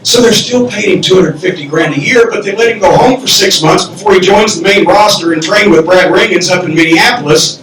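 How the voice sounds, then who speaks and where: An older man telling a profane comedic story on stage at a live podcast, loud and animated, acting out the quotes. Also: sits high, a little fast, hardly any pauses, far from the mic, slight background noise. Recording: roomy echoey club from the mic.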